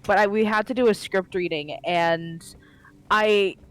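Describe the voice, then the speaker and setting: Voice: mid-range voice, fairly even intonation, unhurried, clear, resonant tone. A young adult chatting on a game stream, telling stories with lots of fillers. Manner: chatty storytelling with many likes. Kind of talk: casual gaming chat.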